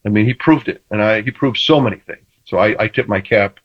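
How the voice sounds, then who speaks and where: A former quarterback with a fairly low voice tells stories in casual sports talk, speaking briskly and restarting often. He's animated and acts out the banter he quotes, though the audio sounds dull.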